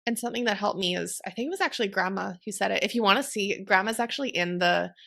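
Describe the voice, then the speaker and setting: Young woman co-host, easygoing and reflective, gravelly tone. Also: mid-range voice, quick pace, bright, forceful tone. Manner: easygoing and reflective, with many fillers. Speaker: podcast co-host. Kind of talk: casual podcast chat.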